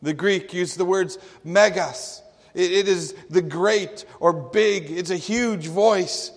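A man preaching a sermon, slow and emphatic, with dramatic quotations. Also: high-pitched. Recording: long hall reverb.

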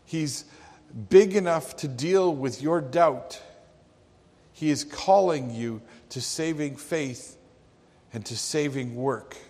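A man pastor delivering a sermon in a church, telling a story with dramatic pauses. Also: fairly high pitch, a little mellow. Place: church sanctuary. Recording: long church reverb.

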